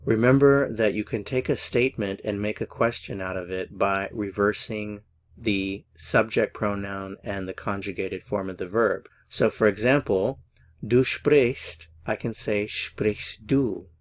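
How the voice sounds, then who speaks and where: A man teaching a language lesson, saying example phrases slowly and carefully. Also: lowish voice. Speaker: German teacher.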